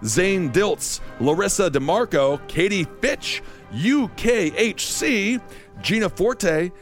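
Midwestern guy hosting a podcast, reading names and joking around, high voice that jumps all over, faint music underneath. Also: expressive, takes it slowly. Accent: Midwestern American. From Wisconsin. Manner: playful, jokey. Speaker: podcast host. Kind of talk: reading supporter names with banter.

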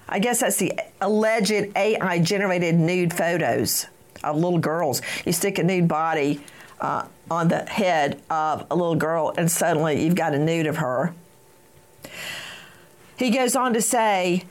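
A woman's voice: medium pitch, a little slow. A woman hosting a true crime talk show, talking in an emphatic, indignant way and addressing guests by name. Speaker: host.

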